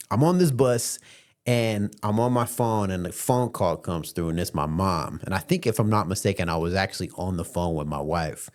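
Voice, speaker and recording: A man's voice: fairly low pitch, darkish tone. A man in his late twenties hosting a podcast, telling a story in a laid-back, slangy way with many fillers. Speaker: podcast host. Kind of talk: casual storytelling.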